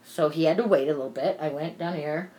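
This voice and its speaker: A woman's voice: low-pitched, fairly quick, dark tone. Rambling, profane woman telling a story. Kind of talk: casual chat.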